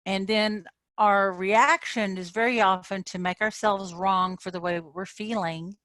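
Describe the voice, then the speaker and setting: Lady coach chatting to her group online, mid pitch, super dry sound, keeps saying okay?. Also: a little slow, no echo. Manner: conversational, often checks in with "okay?"; animated when acting out frustration. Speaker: manifestation coach. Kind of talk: informal coaching talk to members.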